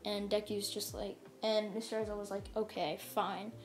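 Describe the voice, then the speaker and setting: A woman's voice: medium pitch, completely flat delivery, brisk, a little mellow, faint music behind. A woman casually retelling a fan story as the channel's host, rambling and leaning heavily on fillers.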